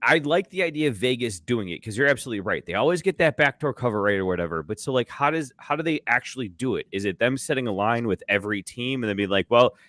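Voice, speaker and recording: A man's voice: mid-range voice, lively intonation, fast, few pauses, fairly bright tone, no echo. A man co-hosting a casual podcast, rambling and asking questions in a profane way. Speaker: podcast co-host.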